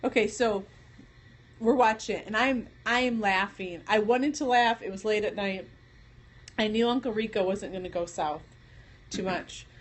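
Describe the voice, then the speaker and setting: A woman's voice: medium pitch, normal speed. A woman with a Michigan accent, hosting a casual live stream and telling a rambling story with frequent laughs. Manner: rambling, chatty, laughs often.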